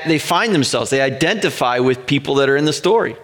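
A middle-aged man pastor preaching a sermon, earnest and emphatic, stretching out pauses to land his points. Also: mid-range voice, lively intonation, a bit bright.

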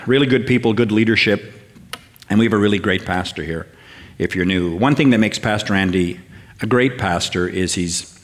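An older man giving a sermon as guest preacher, talking in a warm, halting way with fillers and restarts that builds into rousing lists. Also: deep voice.

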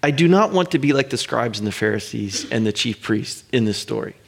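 A middle-aged man pastor preaching a sermon, earnest and emphatic, stretching out pauses to land his points. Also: mid-range voice, lively intonation, gravelly, background noise.

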